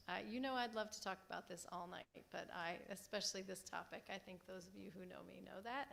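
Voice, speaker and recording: Woman chair, gravelly tone, friendly, runs the hearing. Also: mid-range voice, steady tone, fairly quick, a bit bright. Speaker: committee chair.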